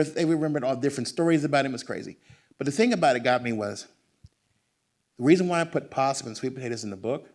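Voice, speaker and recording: An American man giving a book talk in a bookstore, telling family stories to an audience and acting out the voices of his relatives. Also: medium pitch. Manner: animated, acts out family voices. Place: bookstore event room.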